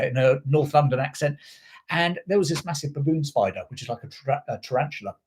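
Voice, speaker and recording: A man's voice: fairly high pitch, animated, brisk, a little mellow, slight background noise. A middle-aged man brought up in South Africa, hosting a history channel in a casual, rambling live chat, full of digressions and fillers.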